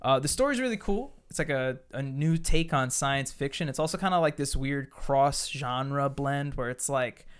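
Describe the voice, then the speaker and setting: A man with a smooth, resonant voice talks loosely about a film on a podcast, upbeat and rambling, peppering his sentences with fillers and cuss words. His pitch sits in an everyday middle range. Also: normal speed, few pauses. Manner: rambling, enthusiastic, heavy on fillers and swearing. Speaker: podcast host. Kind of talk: casual chat.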